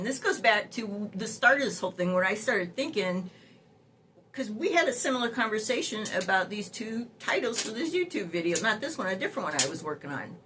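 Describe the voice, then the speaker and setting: A woman's voice: a little high, bright, forceful tone, a little hiss or hum. An older woman, a great-grandmother, telling a story in a casual vlog with sassy, exasperated remarks and frequent laughter. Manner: laughs often while talking. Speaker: vlogger.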